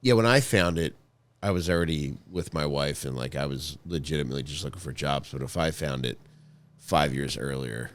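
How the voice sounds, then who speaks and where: A man hosting a casual podcast chat, trading jokes and quick banter. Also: a bass voice. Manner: joking banter.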